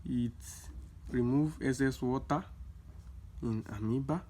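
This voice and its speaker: A man's voice: medium pitch, mellow. A young man, tutoring students through exam questions in a casual lesson, repeating key points with emphasis. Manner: explains slowly with many repeats, emphatic.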